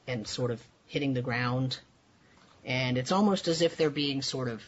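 A man's voice: medium pitch, a bit bright. Man, dungeon master, rambling narration full of ums, dull muffled audio, faint hiss behind. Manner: loose, searching narration with many fillers. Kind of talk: narrating a tabletop game.

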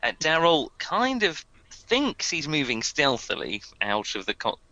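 A man's voice: a little high, huge pitch swings, unhurried, sharp tone, lo-fi sound. A man narrating as game master of a tabletop game, hesitant and full of ums.

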